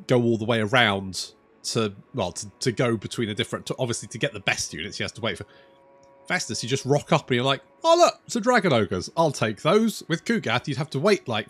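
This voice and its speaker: Husky and fairly bright at a medium pitch, this man's voice carries loose, rambling commentary over a strategy game. He's a gaming YouTuber who curses a lot and mocks himself along the way.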